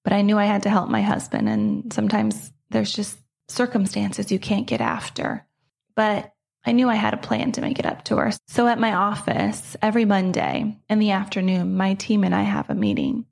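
A woman's voice: medium pitch, expressive, moderate pace, creaky, darkish tone. A middle-aged woman hosting her own podcast, telling a personal story in an earnest, reflective way. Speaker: podcast host.

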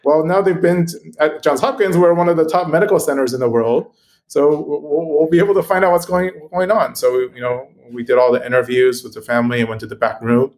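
A man being interviewed as a guest, telling a personal story in an earnest, halting way with frequent ums and restarts. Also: fairly high pitch, darkish tone. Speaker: guest, computational biologist.

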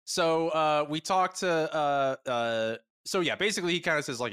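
Animated man co-hosting a podcast, slightly high voice that swings widely, laughing and cursing as he recaps an episode. His voice is close and dry, with no room sound. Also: normal speed, hardly any pauses, clean tone, no room sound. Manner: animated, laughs often, swears. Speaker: podcast co-host. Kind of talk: casual chat recapping a TV episode.

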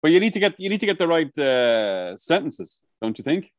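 A man's voice: on the high side, very animated, normal speed, dry recording. A man co-hosting a casual podcast chat, telling rambling stories and swearing freely. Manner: rambling storyteller, swears a lot. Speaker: podcast co-host. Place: outdoors by the coast.

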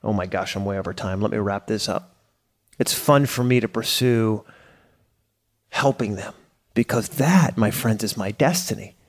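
A man's voice: fairly low pitch, moderate pace, pauses often. A middle-aged man, a business coach, talking casually and energetically to his community, correcting himself and pushing points with emphatic bursts.

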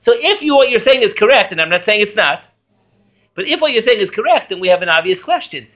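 A man, a rabbi, teaching a Torah class in a lively way, quizzing and joking with his students. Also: high-pitched, quick pace, highs cut off.

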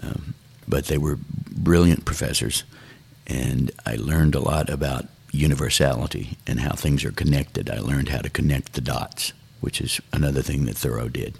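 An older man, a songwriter guest, speaks thoughtfully and without hurry in a reflective interview. His bass voice is gravelly and husky, and he talks at a normal speed.

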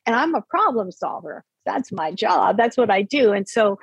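A woman in her fifties, a therapist, explaining parenting in an earnest conversational interview and slowing down to stress her points. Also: mid-range voice, very animated, slightly rough, no echo, poor audio. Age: 50s.

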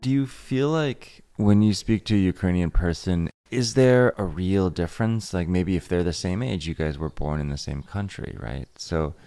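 A man's voice: deep voice, moderate pace, hardly any pauses, warm tone, smooth, no room sound. A man interviewing a guest, asking casual probing questions. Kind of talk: interview conversation.

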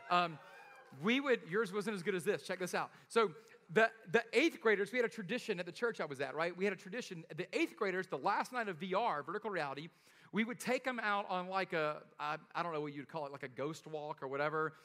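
Bright-voiced joking preacher man. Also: sits high, fairly quick, big-room sound. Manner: casual, joking storyteller with frequent laughs and "right?". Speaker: pastor. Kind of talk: sermon.

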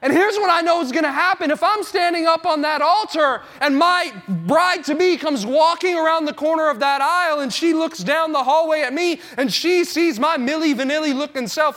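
Guy pastor in his 30s, pretty high bright voice, acts out the stories big. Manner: animated storytelling, acting out his own panic. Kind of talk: sermon.

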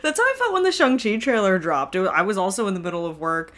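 A woman's voice: medium pitch, big pitch swings, fast talker, fairly bright tone. A woman co-hosting a podcast in casual chat, rambling with asides and frequent laughs. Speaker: podcast co-host.

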